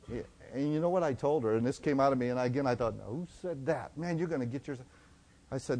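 A middle-aged man preaching a sermon, telling stories and swinging from loud to hushed. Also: mid-range voice, fast. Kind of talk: sermon storytelling.

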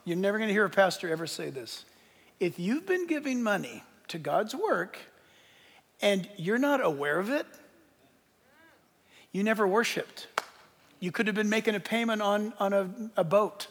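An older man preaching a sermon as pastor, animated and emphatic, joking as he goes. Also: high-pitched, normal speed, long pauses, big-room sound.

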